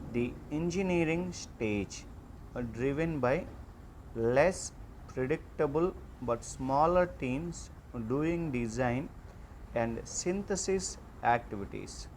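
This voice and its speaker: A man giving an online class lecture, reading out slide points in a slow, halting way with frequent fillers. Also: medium pitch, lively intonation, darkish tone, slight background noise.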